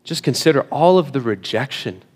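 The pastor's medium-pitched voice is expressive and husky as he preaches with force. He eases his pace and sinks to a hush on important phrases, occasionally repeating words when he restarts.

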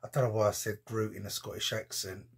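A man's voice: fairly low pitch, flat delivery, fast talker, slightly rough. A man chatting casually as he unboxes a collectible for his channel, with frequent ums and slang. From United Kingdom. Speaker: unboxing vlogger.

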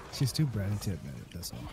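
Very deep-voiced woman gamer. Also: very animated, brisk, creaky, music in the background. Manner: laid-back, teasing, laughs easily. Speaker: co-player and guest on the stream. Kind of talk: casual gaming chat.

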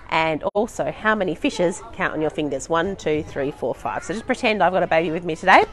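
A woman's voice: lowish voice, lively intonation, fairly quick, few pauses. A young woman running a live baby and toddler session at a library, singing nursery songs and chatting to parents between them, laughing often. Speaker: children's librarian.

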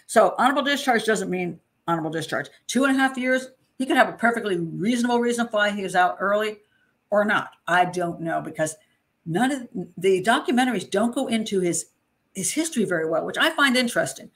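Woman host chatting about a crime case, rambly and blunt, laughs a lot, middle pitch. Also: brisk, fairly bright tone. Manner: chatty, digressive, laughs often; frank and opinionated. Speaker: true crime commentator. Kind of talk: casual monologue commentary.

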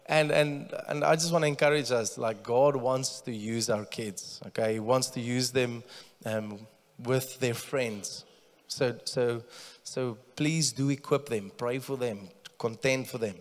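A man's voice: mid-range voice, measured pace. A man preaching a sermon as pastor, conversational and often repeating words as he starts a sentence. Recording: long church reverb.

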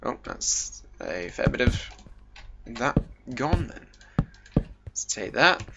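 A man's voice: extremely slow, gravelly. Chatty young man gaming. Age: young adult. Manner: chatty and goofy, jokes to himself, lively pitch jumps. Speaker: gaming YouTuber. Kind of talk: casual gameplay commentary. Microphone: desk microphone. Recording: dull home mic with faint hiss.

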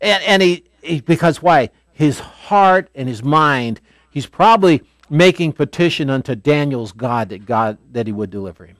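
Male pastor with a fairly high voice, folksy Bible teaching, dry classroom sound. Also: expressive, moderate pace, no echo. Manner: folksy, explanatory, swings between loud and quiet.

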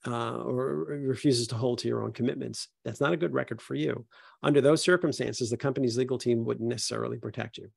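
Gravelly man telling a workplace story. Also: medium pitch, fairly even intonation, a little fast, no echo, studio quality. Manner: storytelling, plays both sides of a conversation. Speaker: HR consultant and speaker. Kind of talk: panel talk with acted-out workplace dialogue.

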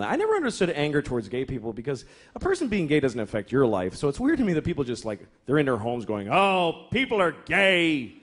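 On stage before a live audience, a male stand-up comedian delivers a crude, exasperated routine, acting out characters as he goes, with audience laughter behind him. His medium-pitched voice is a little mellow and slightly rough.

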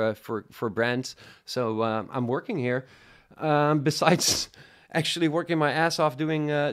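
A young Dutch man with a faint Dutch accent, hosting a casual live product review and chatting with viewers, rambling with lots of fillers. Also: fairly high pitch. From Netherlands. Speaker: tech livestream host.

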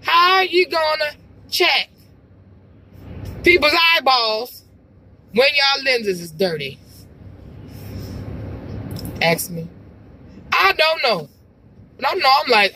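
A woman's voice: high voice, sing-song, slow pace, long pauses, sharp tone, a little hiss or hum, low-quality recording. A woman vlogging from her car as she drives, chatting in a rambling, exclamatory way with sighs. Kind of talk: casual chat to camera while driving. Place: car, driving.

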